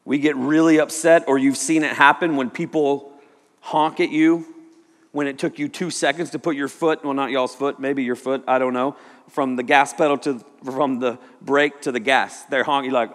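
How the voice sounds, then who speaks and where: A man preaching a sermon, telling a personal story in an animated way and sometimes shouting quoted lines. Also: medium pitch, moderate pace. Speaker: pastor. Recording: long hall reverb.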